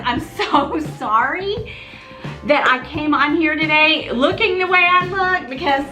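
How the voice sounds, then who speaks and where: A woman's voice: high-pitched, a little slow, echoey room, music in the background. A woman vlogger unboxing a gift, breathless and gushing, laughing and sighing between thrilled remarks. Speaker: fashion vlogger. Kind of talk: excited unboxing vlog.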